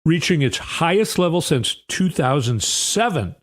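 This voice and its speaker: A man's voice: a little high, big pitch swings, a little slow. A man hosting a political commentary show, sarcastic and often sighing. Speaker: host.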